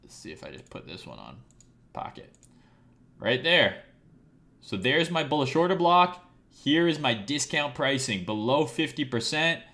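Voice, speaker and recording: A man streams a chart lesson live, quizzing his audience as he teaches trading in a profane, casual way. His medium-pitched voice swings widely in pitch, sounding bright and forceful at a measured pace.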